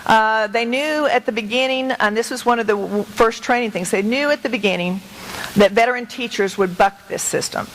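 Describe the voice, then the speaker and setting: A woman's voice: on the high side, moderate pace, a little hiss or hum, low-quality recording. A middle-aged woman educator giving an earnest, emphatic talk to a meeting as a guest speaker, speaking conversationally. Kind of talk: public talk to a meeting with slides.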